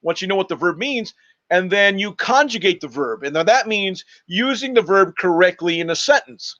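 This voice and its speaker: High-voiced man teaching a lesson. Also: expressive, normal speed, a bit bright, muffled recording. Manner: explanatory, repeats key points, frequent "uh". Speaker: Spanish teacher. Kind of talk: recorded online class lesson.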